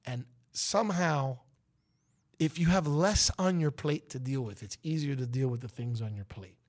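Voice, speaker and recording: A man's voice: medium pitch, normal speed. A man hosting a talk show, delivering an emphatic, preachy opinion monologue that rises to outbursts. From United States.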